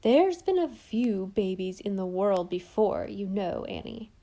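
A woman doing a slow, sniffing meddlesome old aunt. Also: medium pitch, sing-song, mellow. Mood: disapproving. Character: gloomy meddling older aunt.

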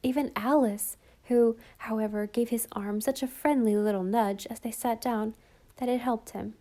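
Mellow woman reading a storybook aloud. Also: a little high, steady tone, moderate pace. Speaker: audiobook narrator. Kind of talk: scripted storybook narration.

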